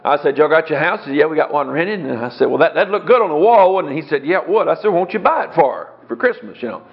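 A man's voice: fairly high pitch, animated, fast. A middle-aged man, a Bible teacher telling a folksy story in a sermon, chuckling as he acts out the dialogue. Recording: dull lo-fi recording.

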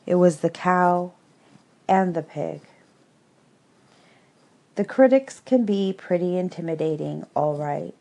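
A woman narrating an audiobook of reflective prose in a calm, wry, measured way. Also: on the low side, gravelly.

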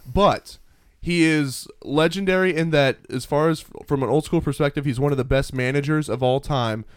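A man's voice: fairly high pitch, moderate pace, clear, resonant tone, dry recording, studio quality. A man co-hosting a podcast in casual chat, emphatic and repeating his points.

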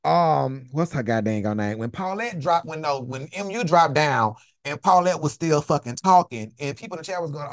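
A man's voice: on the high side, fairly quick, hardly any pauses. Blunt, profane male chat host. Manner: blunt, profane, animated storytelling. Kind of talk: casual live chat with callers.

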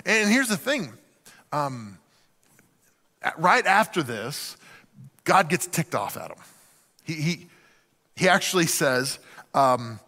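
A man preaching a sermon in an animated way, acting out the voices of the people in the story. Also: fairly high pitch, slow pace, long pauses, in a large hall. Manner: animated, acts out quoted voices. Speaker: pastor.

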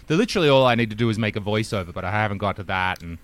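A man's voice: on the low side, expressive, racing, fairly bright tone. A man hosting a casual podcast chat, wry and teasing.

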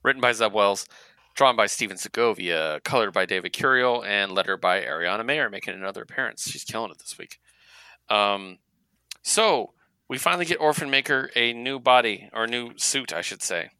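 A low, bright-voiced man co-hosts a casual comic book podcast. He talks in an animated, chatty way and sounds close and dry on the mic. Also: normal speed, smooth, no room sound. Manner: animated, laughs often, acts out character lines. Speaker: podcast co-host.

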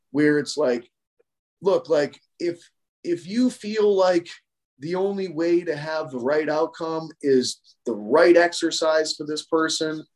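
A man with a slightly high-pitched voice, speaking as a coach on a podcast. His delivery is casual and blunt, heavy on "like" and built on repeated phrases that stack up for emphasis. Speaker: strength coach and podcast guest. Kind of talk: casual conversational explanation.

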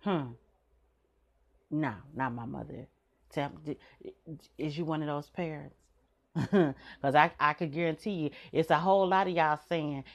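A woman's voice: deep voice, moderate pace. A middle-aged woman, hosting a podcast and telling stories bluntly with frequent swearing and laughs. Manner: blunt, swears freely, laughs between points. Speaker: podcast host. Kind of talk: candid storytelling monologue.

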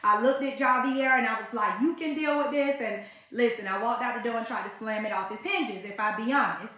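A woman's voice: fairly high pitch, a little fast, sharp tone. A woman sharing a personal faith testimony in an emphatic, conversational way. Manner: emphatic, conversational, folksy exclamations. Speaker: faith podcast host. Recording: very echoey room.

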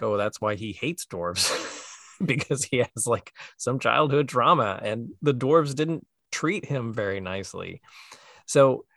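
A man co-hosting a podcast, relaxed and agreeable, chatting casually about playing tabletop games. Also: mid-range voice, creaky, no room sound, studio quality. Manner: relaxed, agreeable, brief affirmations. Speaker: podcast co-host and player. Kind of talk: casual chat.

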